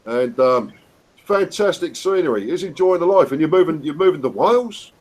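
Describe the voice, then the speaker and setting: A man's voice: fairly high pitch, animated, normal speed, darkish tone. Rambling English man hosting a chat. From United Kingdom. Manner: rambling, swearing, chummy. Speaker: host. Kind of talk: casual live-stream chat.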